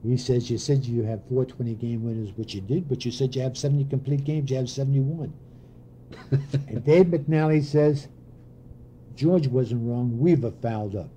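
An older man, a former pitching coach, telling anecdotes in an interview and voicing the people he quotes. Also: normal speed, slight background noise. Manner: animated anecdotes with voiced quotes and laughs. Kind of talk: storytelling interview.

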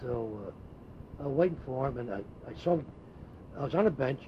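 A man's voice: medium pitch, a little fast. Older man telling ballplayer stories, lo-fi tape. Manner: animated anecdotes with restarts. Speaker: former ballplayer being interviewed. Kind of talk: storytelling interview. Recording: dull lo-fi tape with faint hiss.

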